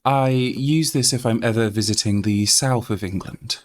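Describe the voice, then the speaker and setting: A Yorkshire man chatting on his game stream. His voice sits low and relaxed. He rambles freely, reads text aloud, and fills the gaps with ums and uhs. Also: moderate pace. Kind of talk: casual live-stream chat.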